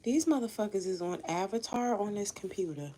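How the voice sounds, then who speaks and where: A woman's voice: mid-range voice, lively intonation, fairly quick, dark tone, slight background noise. A woman tarot reader, chatting casually and bluntly on a live stream at home and swearing freely. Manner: blunt, swears freely, talks to family off-mic. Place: home room.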